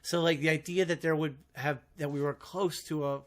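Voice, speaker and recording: Higher-voiced man hosting a podcast. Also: fairly even intonation. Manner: halting, full of fillers and restarts. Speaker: podcast host. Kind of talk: casual interview.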